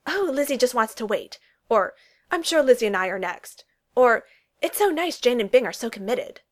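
A fiery young woman who talks in sharp, emphatic bursts, voiced by a woman reading a story aloud. Her delivery is forceful and pointed, like in a dramatic audiobook scene. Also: sits high, expressive, brisk, voice pushed up. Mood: angry, exasperated.

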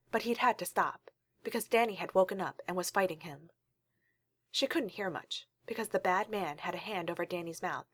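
A woman reads a story aloud in a calm, steady way. Her voice sits on the low side, and the recording is dry and close with no room sound. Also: no echo. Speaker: reader. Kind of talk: storybook reading.

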